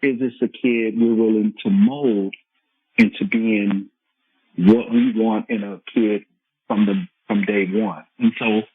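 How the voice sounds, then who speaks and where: A man's voice: fairly low pitch, fairly even intonation, takes it slowly, slightly rough, dry recording. A man speaking as a coach and podcast guest, explaining in an earnest, repetitive way. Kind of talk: conversational podcast interview. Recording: tinny phone-line audio.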